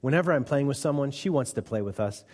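A man voicing a young female sheep in a children's story, read aloud in a soft, storybook manner. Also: mid-range voice, animated, fast talker, long reverb tail, pitched above the performer's own voice, close to an everyday voice. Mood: irritated. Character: young female sheep, easily annoyed, then humbled.

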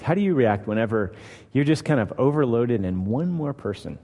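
A man's voice: mid-range voice, a little mellow, in a large hall. A man preaching a conversational, emphatic sermon, acting out the quoted lines as he reads. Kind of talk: expository sermon.

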